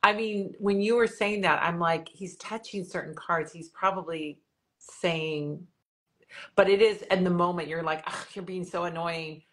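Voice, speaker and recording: A woman hosting a podcast, warmly enthusiastic and quick to affirm her guest, with frequent laughter. Her voice sits somewhat low. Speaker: podcast host and author. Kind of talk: casual interview conversation.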